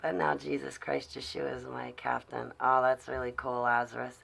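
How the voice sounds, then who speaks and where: A woman's voice: rumbling low, little pitch movement, normal speed, creaky, few pauses, fairly bright tone. A woman live-streaming to her chat from her car while driving, talking casually and sarcastically in a ranting way.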